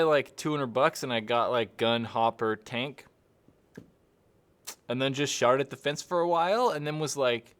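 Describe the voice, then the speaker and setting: A man's voice: mid-range voice, a bit bright. A young man hosting a live stream and answering chat questions casually, rambling and hesitant, with many fillers.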